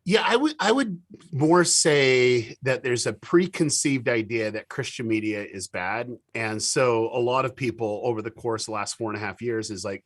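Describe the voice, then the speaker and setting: A man of middling pitch chats as an interview guest. He spins anecdotes eagerly, stumbles over restarts and acts out what other people said. The sound is dry and close, with no room echo. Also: moderate pace. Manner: animated storyteller with many restarts and quoted dialogue. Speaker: guest, TV show producer. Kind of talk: casual interview talk.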